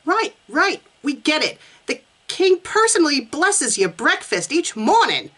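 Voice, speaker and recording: A woman's voice: sits high, sing-song, a little slow, fairly bright tone, voice pushed up, exaggerated voice. A woman voicing Meg, a wry American woman in a put-on Boston accent, talking in a dry, teasing way. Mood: sarcastic.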